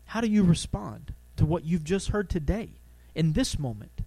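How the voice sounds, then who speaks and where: Animated male preacher, dry sound. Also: on the high side, normal speed, gravelly, breathy edge, no echo. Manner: animated, asks the audience questions, acts out quoted voices. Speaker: pastor. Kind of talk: sermon.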